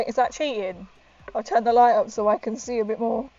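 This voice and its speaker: A woman's voice: a little high, a little fast, mellow, no echo. A woman chatting and giggling to her viewers as she paints miniatures on a live stream, her voice muffled by a helmet she is wearing. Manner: giggly, chatty, talks to viewers while working. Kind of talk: casual live-stream chat. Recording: dull lo-fi stream audio with faint music.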